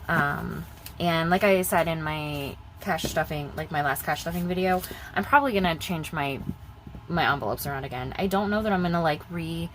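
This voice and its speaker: A woman's voice: deep voice, fairly bright tone, a little hiss or hum, poor audio. A young woman chatting casually in her vlog, rambling and repeating herself as she talks about budgeting. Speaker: budgeting vlogger.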